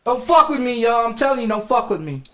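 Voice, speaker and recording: A man's voice: very high-pitched, sing-song, fast talker. Man, game streamer, angry rant, nonstop cursing, threatening, repetitive.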